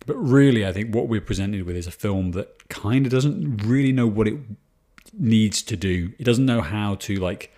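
A man's voice: fairly low pitch, normal speed, mellow. A man co-hosting a casual film review chat, rambling with restarts and swearing for emphasis. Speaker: podcast co-host.

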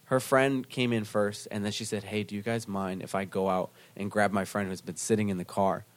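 A man's voice: lowish voice, flat delivery, a little fast. A man from Pennsylvania and Brooklyn co-hosting a casual chat, telling rambling stories full of fillers and swearing. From Pennsylvania and Brooklyn, USA. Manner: loose storyteller, filler-heavy, swears.

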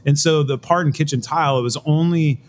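A man's voice: a little high, brisk, slight background noise. A man in a casual interview, talking about making a record in a laid-back, rambling way and laughing easily. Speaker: band member, producer.

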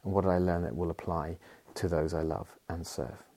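Male pastor, deep and slightly husky, earnest sermon-style teaching. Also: steady tone, normal speed, warm tone. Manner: earnest, explanatory, with frequent fillers and restarts. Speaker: pastor teaching a weekly Bible series.

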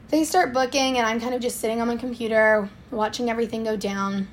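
A young woman, telling a lively story in a casual podcast chat. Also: fairly high pitch, a little hiss or hum. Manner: animated storytelling, quick swings in loudness. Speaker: swim school owner, guest.

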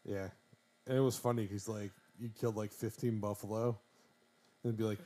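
A man's voice: lowish voice, flat delivery, brisk, dark tone. A man in his thirties co-hosts a laid-back podcast conversation. He jokes freely and keeps slipping into goofy voices to act out bits. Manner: joking, jumps into goofy quoted voices. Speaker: podcast co-host. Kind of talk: casual chat.

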